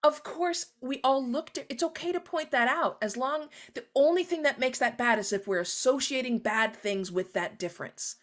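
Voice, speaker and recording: Woman guest chatting in an interview, lively, jumps way up when quoting people. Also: normal speed, few pauses. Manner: animated, acts out quoted voices with big pitch jumps. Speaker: guest author. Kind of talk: conversational interview.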